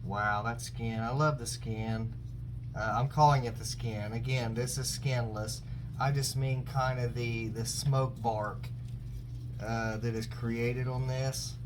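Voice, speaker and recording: A man hosting a casual barbecue cooking vlog, relaxed and chatty, thinking aloud with plenty of fillers. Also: medium pitch, slow, noisy background. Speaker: barbecue channel host.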